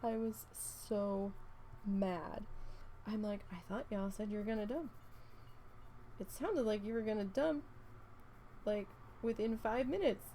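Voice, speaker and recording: Woman rambling on while crafting, gravelly voice, bit of faint hiss behind her. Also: mid-range voice, measured pace, pauses often, mellow. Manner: rambling storytelling, swears freely. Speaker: craft vlogger. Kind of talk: casual chat while crafting.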